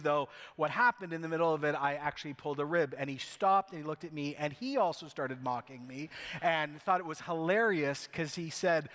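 A man preaching from the pulpit, his voice sitting a little high for a man. He is a pastor with a wry, self-mocking way of telling stories. A long reverb trails each phrase through the church. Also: fairly bright tone. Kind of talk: sermon.

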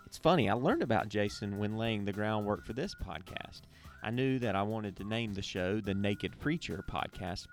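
Male podcast host, Southern accent, hesitant with "uh"s when off script. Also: medium pitch. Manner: hesitant with many fillers when unscripted. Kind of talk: scripted intro then casual interview.

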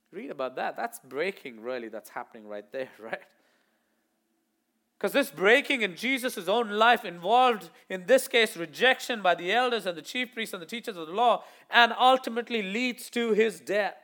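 A male pastor preaches an animated sermon to his congregation at normal speed, his high voice bright and forceful. He alternates loud declarations with hushed asides and acts out the voices of those he quotes.

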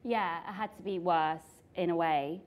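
A young woman, an author and actress, chatting casually with her sibling and telling stories with lively laughter. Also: fairly low pitch, moderate pace, dull audio. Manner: animated storytelling with frequent laughter.

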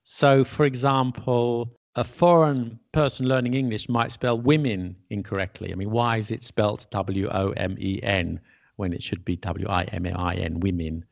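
A man's voice: on the low side, steady tone, moderate pace, creaky, no room sound, muffled recording. A man who teaches English, chatting casually and laughing at his own mistakes. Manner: chatty, self-deprecating, laughs often. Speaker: podcast host and English teacher. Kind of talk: casual conversation.

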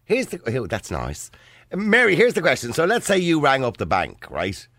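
A man's voice: fairly high pitch, huge pitch swings, moderate pace, a bit bright, no room sound. An Irish man hosting a radio phone-in, joking and laughing with callers. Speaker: radio host.

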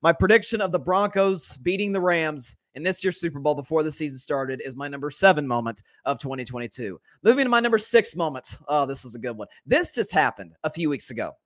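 A man hosting a sports podcast in loose, casual talk. His voice sits a little high for a man, and he gets excitable, laughing and stumbling over repeated words. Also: a little fast, few pauses, no echo, studio quality. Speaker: podcast host.

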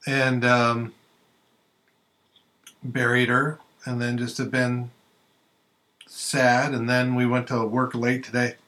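A man hosting a podcast, talking in a plain, low-key way and listing what happened. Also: completely flat delivery, slow pace, pauses often, pushed and bright. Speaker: podcast host. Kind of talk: casual podcast chat. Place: podcast studio.

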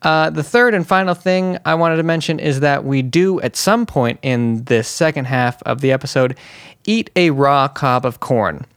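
A man's voice: fairly high pitch, normal speed, fairly bright tone, clear, resonant tone, no room sound, studio quality. A man hosting a podcast, giving a casual, rambling intro full of jokes and wordplay. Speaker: podcast host.

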